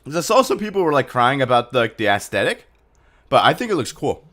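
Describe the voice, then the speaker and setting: A man's voice: medium pitch, big pitch swings, fast talker, a bit bright. A man chatting casually on a live stream, loose and rambling with lots of fillers.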